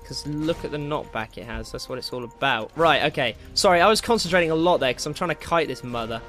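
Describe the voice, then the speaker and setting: A man giving casual, excitable commentary while playing a game, swearing and taunting enemies. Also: a little high, quick pace, faint music behind. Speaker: gameplay commentator.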